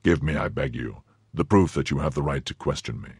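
A man voicing a firm, courteous musketeer who speaks in a low, measured, respectful way. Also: creaky, darkish tone, slightly rough, no echo, clean studio sound, full character voice. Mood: guarded.

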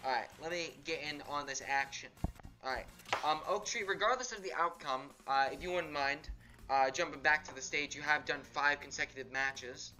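A man's voice: fairly high pitch, normal speed, music in the background. A man streaming a fighting game, chatting casually in a rambling, laid-back way full of fillers as he comments on matches. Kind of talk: casual live gameplay commentary.

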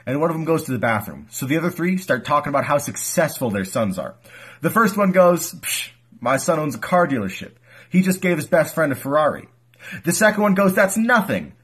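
A man telling a joke in a quick storytelling manner. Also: on the high side, a bit bright, husky.

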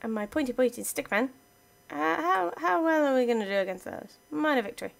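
A woman's voice: high voice, animated, fairly quick, gravelly. A woman giving casual let's-play commentary, chatting playfully to her game units as she plays. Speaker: gaming channel host.

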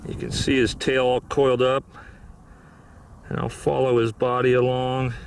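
A man's voice: mid-range voice, little pitch movement, normal speed, distant mic, slight background noise. Easygoing man narrating outdoors. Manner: easygoing, enthusiastic, thinks aloud with fillers. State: a little out of breath. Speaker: vlogger. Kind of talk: outdoor nature vlog narration. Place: outdoors on a hillside.

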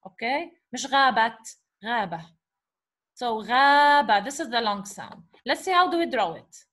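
A woman's voice: on the high side, big pitch swings, fairly quick, fairly bright tone, husky. A woman teaching a beginners' lesson on letters, patiently sounding out syllables and asking the class questions. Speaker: Arabic teacher.

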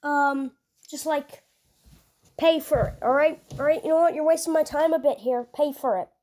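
A woman voicing a squeaky, nervous young fast-food cashier who stammers and gets flustered. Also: steady tone, a little mellow, close to an everyday voice.

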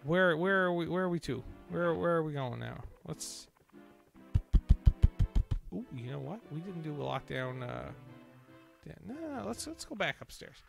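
A man gives let's play commentary with a gravelly, fried edge to his voice, and his pitch swings widely as he talks. He swears and blows up at the game, then coaches himself to calm down. Game music plays faintly underneath. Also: normal speed, long pauses. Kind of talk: gameplay commentary. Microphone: desk microphone.

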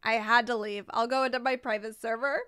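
A woman's voice: on the high side, steady tone, brisk, a bit bright, smooth, no room sound, clean studio sound. A woman in her twenties chatting on a live game stream, flustered and laughing nervously. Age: 20s. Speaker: Roblox streamer. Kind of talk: live gameplay stream chat.

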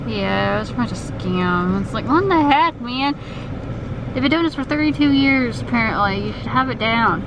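A woman with a Southern US accent chats casually for her vlog, grumbling with dry humor. She talks from a moving car, and road noise sits clearly under her voice. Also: on the high side, expressive, normal speed. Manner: chatty, grumbling, wry. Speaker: vlogger.

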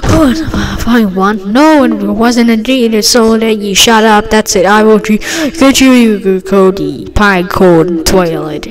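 A woman improvising a rambling cartoon classroom voice-over, halting and breaking into sudden loud outbursts. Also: medium pitch, low-quality recording.

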